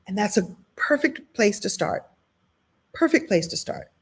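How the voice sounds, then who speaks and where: A woman hosting a live motivational recap, talking to an online audience in an animated, playful way, with laughs and acted-out little scenes. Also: medium pitch, a little slow, slightly rough.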